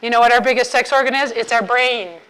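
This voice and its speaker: Bright, crisp-voiced woman joking with an audience. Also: a little high, rough recording. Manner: playful, quizzes the audience with quick questions. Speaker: author and intimacy speaker. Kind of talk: humorous talk to a live audience.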